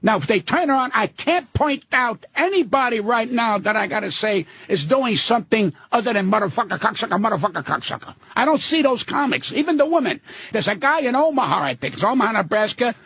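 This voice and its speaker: Older brash comic, husky and high-pitched, profane ranting delivery. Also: male voice, sing-song, fairly quick, a bit bright, dry recording. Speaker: guest comedian. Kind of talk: casual radio interview.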